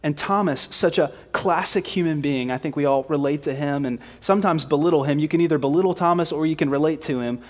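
A man's voice: fairly high pitch, fast talker, few pauses. A man preaching a sermon in a conversational, emphatic way. He asks rhetorical questions and often repeats words.

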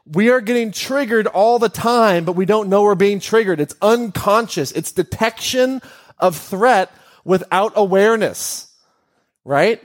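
Animated male podcast host. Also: high-pitched, unhurried. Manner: animated, asks audience questions. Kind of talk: talk to a live audience.

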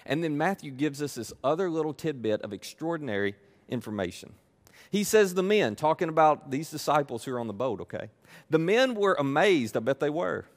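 A male pastor delivering a sermon in a somewhat high voice. He drives his points home by repeating them and slips in playful asides. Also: expressive, fairly quick. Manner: emphatic, repetitive, playful asides.

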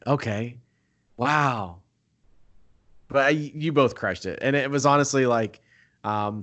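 A man chatting casually as host, telling an excitable story and acting out what people said. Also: medium pitch. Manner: excitable storyteller, acts out quoted talk. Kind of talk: casual chat.

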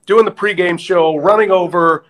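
A man chatting casually as a guest, telling animated stories with laughter and acting out quotes in a raised voice. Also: sits high, moderate pace, poor audio. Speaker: guest, former baseball broadcaster. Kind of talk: casual storytelling chat.

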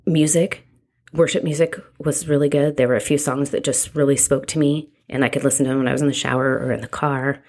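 A woman, a mother, telling her own story in a candid, reflective way, halting and restarting as she goes. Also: very deep voice, darkish tone. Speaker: mother sharing a personal story. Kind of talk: candid personal testimony.

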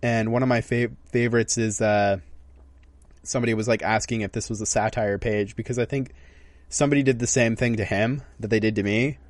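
A man's voice: fairly low pitch, fairly even intonation, fairly quick, no room sound. A young man co-hosting a podcast in casual chat, telling stories in a rambling way and often restarting his sentences. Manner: rambling, self-interrupting storyteller. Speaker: podcast co-host.

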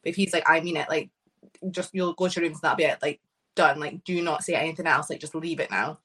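A woman, a podcast co-host, chatting casually and relaxed, with lots of filler words. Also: deep voice, fast, husky. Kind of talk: casual chat.

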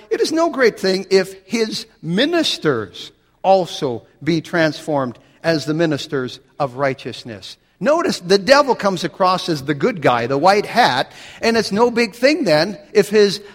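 A man preaching in a high voice, blunt and emphatic, firing pointed questions at his listeners. His sermon rings out with a long echo behind it. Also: very animated, a little slow. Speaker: pastor.

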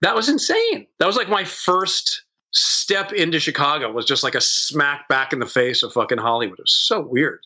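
A man in his fifties, a guest who runs bars, telling stories in a lively, casual way, swearing freely and acting out what people said. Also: medium pitch, normal speed, husky, rough recording. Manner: animated, swears freely, acts out quotes. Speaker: guest, bar owner. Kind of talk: casual storytelling chat.

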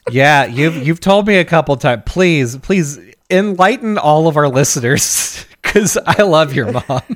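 A man hosting a casual podcast, relaxed and joking, who draws his words out slowly. His voice is on the higher side and swings up and down a lot, recorded close and dry. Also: no echo. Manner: laid-back, joking, laughs along. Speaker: podcast host.

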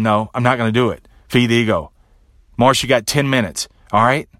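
A man hosting a podcast, giving a motivational monologue with a pep-talk delivery that drops low and quiet on each repeated refrain. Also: brisk, dry recording, clean studio sound. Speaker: podcast host.

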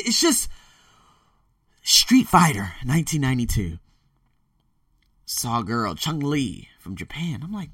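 A man's voice: medium pitch, fairly quick, dry recording, studio quality, recorded from a distance. A man, telling rambling, self-mocking stories on his podcast. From the Bronx, New York. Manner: rambling, animated storytelling with self-mocking asides. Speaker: podcast host. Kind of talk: casual solo podcast monologue.

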